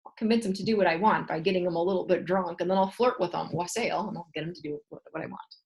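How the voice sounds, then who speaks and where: A woman teaching a class, reading a textbook passage aloud and explaining it in steady, patient asides. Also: lowish voice, fast.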